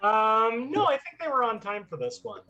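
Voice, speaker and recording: Brief: dry, unhurried tabletop player, expressive pitch. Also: lo-fi sound. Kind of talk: casual tabletop role-play.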